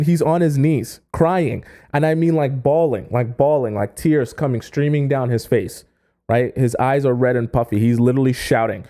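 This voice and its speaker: A man's voice: medium pitch, normal speed, warm tone. A man coaching on a live stream, talking straight to his chat and tagging his points with "right?" and "okay?". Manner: repeats "right?" and "okay?", addresses the chat directly. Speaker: dating coach.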